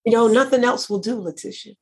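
Fervent woman minister on a faith talk show, husky tone. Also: fairly high pitch, fast talker, dark tone. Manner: fervent, preacherly, repeats phrases. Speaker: minister and network founder. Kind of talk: christian talk show conversation.

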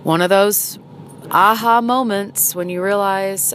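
A middle-aged woman telling a personal story in a halting, hesitant, earnest way. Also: medium pitch, steady tone, a bit bright. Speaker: vlogger. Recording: noisy, with vehicle sounds behind.

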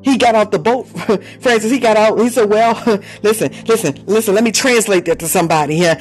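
A woman's voice: medium pitch, fairly quick, hardly any pauses, darkish tone, faint music behind. A woman leading a fervent live prayer, preaching with repeated phrases, bursts of tongues and laughter, calling on listeners by name. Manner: impassioned, repetitive, speaks in tongues, laughs between phrases. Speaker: prayer leader.

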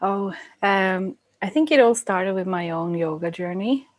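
A woman's voice: medium pitch, animated, a little slow, no echo. A Norwegian-accented woman from Norway, a yoga teacher answering interview questions in a hesitant way with frequent ums and uhs. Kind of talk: casual interview.

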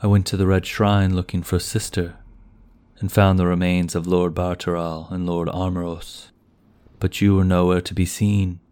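A man voicing a stern, bitter knight in a fantasy audiobook, speaking slowly and solemnly. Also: deep voice, level tone, a little mellow, clear, resonant tone, no echo, natural voice. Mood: grim. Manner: slow, heavy, solemn delivery. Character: grim vengeful male knight, stern and bitter.

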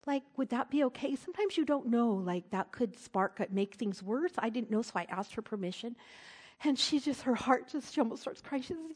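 A middle-aged woman preaching, telling a personal story in an earnest way that drops to a soft hush at tender moments. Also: a little high, moderate pace, breathy edge. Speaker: speaker at a church service. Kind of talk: storytelling sermon.

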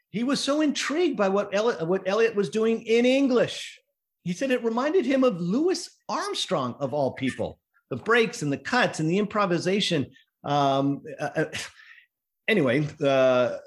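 A middle-aged man speaking at a panel discussion, digressive and lively, full of fillers and restarts, rising sharply when he exclaims. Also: high voice, normal speed. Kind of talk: animated panel talk.

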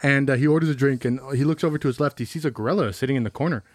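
A man's voice: medium pitch, rapid-fire, no echo, studio quality. A man in casual podcast chat, rowdy and jokey, swearing a lot.

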